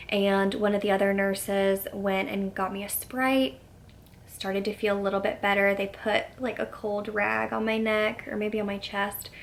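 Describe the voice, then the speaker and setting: Young woman vlogging, gravelly fry in her voice, lots of "like", chill storytelling. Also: medium pitch. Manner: chatty, says "like" often, quotes herself in soft whispers. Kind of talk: casual storytelling to camera.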